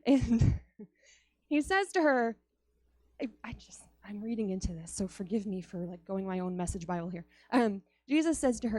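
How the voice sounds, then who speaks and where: A woman's voice: mid-range voice, expressive, moderate pace, darkish tone, no room sound. A woman giving a conversational youth sermon, chatty and laughing often as she acts out stories. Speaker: youth speaker.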